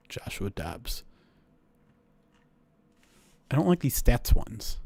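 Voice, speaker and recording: A man hosting a livestream, casually calling a simulated football game and chatting with viewers, breaking into loud excited outbursts. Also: mid-range voice, very slow, gravelly, no echo. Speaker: livestream host. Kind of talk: casual play-by-play and chat.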